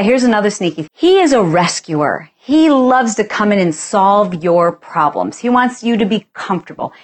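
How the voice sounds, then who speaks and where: A woman in her forties hosting a podcast, chatty and animated, casually talking through her routine and acting out bits of dialogue. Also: on the low side. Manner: chatty, animated, acts out dialogue with playful exaggeration. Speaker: podcast host. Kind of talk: casual solo talk.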